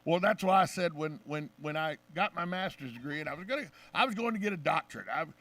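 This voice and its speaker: A man hosting a casual radio talk show, an opinionated and animated storyteller. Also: a little high, fast talker, recorded from a distance.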